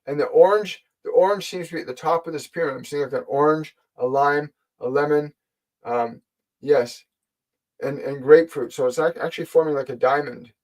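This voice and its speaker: A man's voice: a little high, fairly quick, poor audio. A man hosting a live spiritual stream, earnestly guiding viewers and answering their questions, repeating key phrases for emphasis. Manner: gentle, speaks directly to viewers. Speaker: spiritual teacher and channel host.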